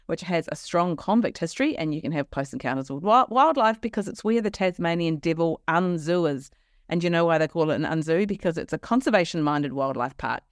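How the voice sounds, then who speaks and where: A New Zealand woman co-hosts a travel podcast in easy casual chat, with a slightly low voice. She laughs often and tells short stories. The sound is close and dry. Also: no room sound. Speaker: podcast co-host.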